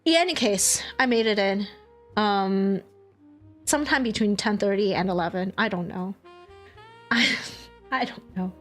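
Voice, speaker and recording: A young woman streamer chatting casually, telling a story with animated swearing and acted-out quotes. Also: mid-range voice, unhurried, pauses often, faint music behind. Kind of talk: casual chat.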